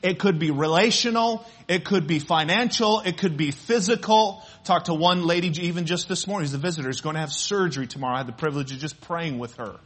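A middle-aged man preaching a sermon as a pastor, reading scripture, praying, and telling stories with lively laughter. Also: on the high side, quick pace, few pauses. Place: church sanctuary.

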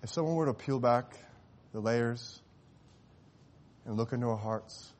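A man preaching a sermon, telling a story and rising to impassioned cries before dropping to hushed, tender tones. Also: mid-range voice, a little slow. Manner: swells to impassioned shouting at climaxes, drops to hushed tones.

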